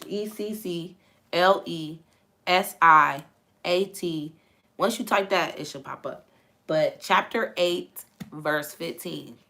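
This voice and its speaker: Woman, gravelly low voice, laid-back livestream Bible chat with viewers. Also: a bit bright. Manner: laughing, chatty, reads viewer comments aloud. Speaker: livestream host reading the Bible. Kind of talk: casual live chat with viewers.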